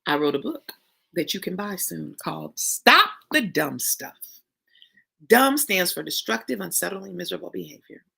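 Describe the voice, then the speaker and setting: A woman's voice: on the low side, expressive, moderate pace, creaky, sharp tone, husky. A woman giving an emphatic, preachy motivational talk who calls her listeners y'all and honey. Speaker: motivational speaker.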